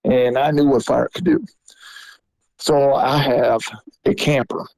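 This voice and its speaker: A man's voice: medium pitch, vocal fry, dry recording, low-quality recording. Rambling man telling stories. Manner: animated, rambling storyteller. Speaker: podcast host. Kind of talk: casual storytelling.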